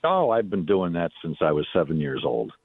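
A middle-aged man calls into a radio talk show and tells stories in a chatty way, stopping and restarting often. His voice sits a little low and comes through a tinny phone line. The sound is dry and close. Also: sing-song, normal speed, no room sound. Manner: chatty, storytelling, frequent restarts. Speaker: radio guest, former state senator. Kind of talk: casual radio call-in chat.

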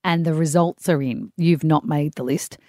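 A woman's voice: low voice, fairly even intonation, normal speed, mellow, dry recording, studio quality. A woman co-hosting a podcast, presenting a list in chatty, amused banter. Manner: chatty, amused, often laughing. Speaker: podcast co-host.

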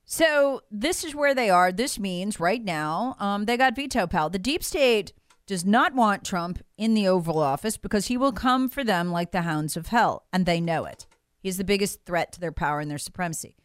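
Woman pundit, emphatic and scornful, smooth clear tone, close dry sound. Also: mid-range voice, expressive, moderate pace, no echo. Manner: indignant, emphatic, mocks quoted officials. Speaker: political commentator. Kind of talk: political talk show commentary.

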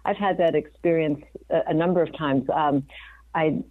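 A woman in her fifties with a low, deep voice speaks earnestly and reflectively, often backing up to restart a thought. The sound is thin and phone-like, dry with no room around it. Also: fairly even intonation, normal speed, no echo. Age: 50s. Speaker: guest physician. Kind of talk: conversational interview. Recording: dry, phone-like remote audio.

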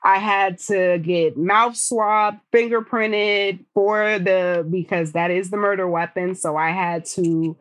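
A woman guest recounts a personal experience in conversation, animated and acting out her own lines. Her voice sits at an ordinary middle pitch. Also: takes it slowly, hardly any pauses. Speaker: interview guest.

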